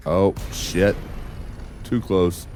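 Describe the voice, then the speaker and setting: A man's voice: low-pitched, fairly even intonation, drawn-out words, darkish tone, soft background music. A man streaming a space game, talking to himself and his chat in a mixed American accent that is neither northern nor southern, muttering and swearing as he flies. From United States. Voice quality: gravelly. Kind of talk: casual gameplay commentary.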